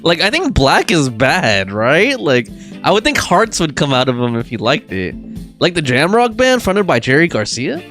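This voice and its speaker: A man's voice: on the high side, huge pitch swings, normal speed, a bit bright, soft background music. A young man casually commenting on a game during a live stream, laughing often and reading the game's text and viewers' chat aloud.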